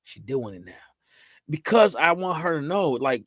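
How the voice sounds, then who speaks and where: A man's voice: unhurried, breathy edge. A man speaking chats as a podcast guest. He tells stories with energy and jumps his voice up when he quotes family and friends. The sound is close and dry, with no room echo. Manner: animated storyteller, acts out quotes with rising pitch. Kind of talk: casual podcast conversation.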